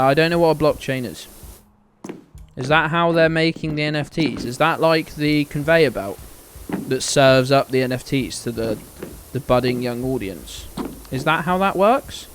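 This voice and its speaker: A man's voice: mid-range voice, moderate pace, a little hiss or hum, low-quality recording. A man streaming a game, chatting casually to his viewers in a rambling, sweary, joking way.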